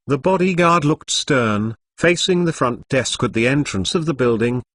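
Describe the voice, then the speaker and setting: Lively-pitched male narrator voice. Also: unhurried, few pauses, no room sound, studio quality. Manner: reads punctuation marks aloud, mechanical phrasing. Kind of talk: scripted narration.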